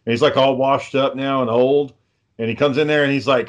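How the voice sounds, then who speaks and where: A man's voice: mid-range voice, fairly even intonation, brisk, highs cut off. A man in casual banter with friends, blunt and laid-back, swearing heavily while planning an amateur wrestling film.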